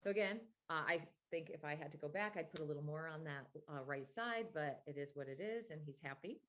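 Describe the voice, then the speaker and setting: A woman's voice: sits low, a little fast, fairly bright tone. A woman laryngologist giving a medical grand rounds lecture, explaining things step by step with frequent fillers.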